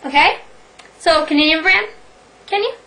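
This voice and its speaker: A woman's voice: very high voice, moderate pace, bright, forceful tone, recorded from a distance, poor audio. A young woman in her twenties with a New York accent, doing a brash, profane, mock-boastful parody tutorial for her vlog. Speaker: vlogger.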